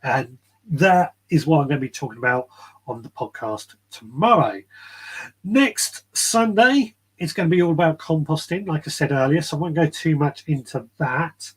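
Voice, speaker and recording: A man's voice: fairly high pitch, normal speed, husky. A man hosting a casual live gardening chat from his shed, rambling and friendly, reading out viewer comments. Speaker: podcast host.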